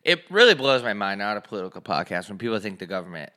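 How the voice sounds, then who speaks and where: A man's voice: on the low side, sing-song, fast talker, bright, forceful tone. A young man co-hosting a casual podcast, sarcastic and profane, full of mock outrage. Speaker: podcast co-host. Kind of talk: casual crude podcast banter.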